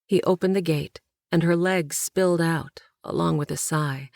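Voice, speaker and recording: A woman narrating a historical novel as an audiobook, in a measured storytelling manner. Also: low-pitched, fairly even intonation, gravelly, a little mellow, no room sound, clean studio sound. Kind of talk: scripted narration.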